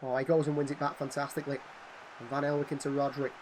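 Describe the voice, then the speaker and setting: A hoarse man commenting on a football video game as a channel host, switching from calm play-by-play to excited shouting at goals. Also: medium pitch, fast talker, slight background noise.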